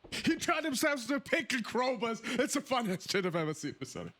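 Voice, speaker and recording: A man's voice: very high-pitched, sing-song, fairly quick, a bit bright. A man hosting a game stream, chatting casually and laughing often. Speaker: streamer host. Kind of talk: casual gameplay chat.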